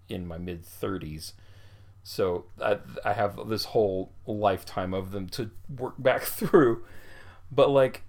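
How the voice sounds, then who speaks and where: A man's voice: lowish voice, darkish tone. A man in his late thirties talking candidly and reflectively in a casual group chat.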